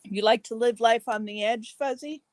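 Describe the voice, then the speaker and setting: A woman's voice: fairly high pitch, moderate pace, a little mellow, no echo, poor audio. Woman, stream host, casual chat with viewers, snacking, dry close mic. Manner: chatty, talks to viewers while eating. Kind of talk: casual chat reading comments.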